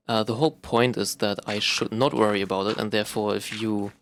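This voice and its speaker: A young man from Germany, speaking German as his first language, rambles through a casual vlog monologue. His voice sits a little low, and he hesitates often, restarting sentences and filling pauses with "uh" and "um". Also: steady tone, fairly bright tone. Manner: rambling, self-conscious, many fillers and restarts. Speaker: vlogger.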